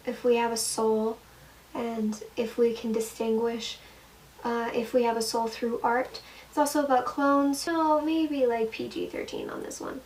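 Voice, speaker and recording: A woman's voice: fairly high pitch, recorded from a distance. Giggly young woman chatting off-mic. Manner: giggly, chatty, self-deprecating. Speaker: vlogger answering fan questions. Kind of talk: casual chat. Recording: from the mic, faint room noise.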